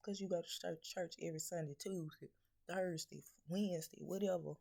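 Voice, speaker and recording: A woman's voice: lowish voice, steady tone, moderate pace, vocal fry, warm tone. A woman spiritual reader delivering a blunt, profane, scolding message that is full of rhetorical questions. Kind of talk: blunt preaching message to viewers.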